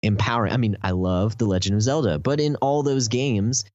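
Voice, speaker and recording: A man's voice: lowish voice, a little fast, a little mellow, no echo, muffled recording. A man with a Texan accent chatting casually on a podcast, explaining at length with plenty of "um" and "like". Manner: rambling, lots of fillers, enthusiastic explaining. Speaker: podcast host.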